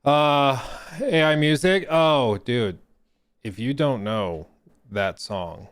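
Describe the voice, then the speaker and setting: Man, gaming streamer host, casual chat, repeats phrases, slangy, smooth clear voice, dry close sound. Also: mid-range voice, slow pace, no room sound. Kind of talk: casual live-stream chat and news reading.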